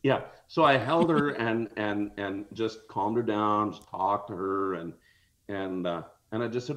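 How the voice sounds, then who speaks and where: A man telling a story in casual podcast chat as a guest. He speaks in an animated way and often laughs as he talks. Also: fairly low pitch, unhurried, muffled recording.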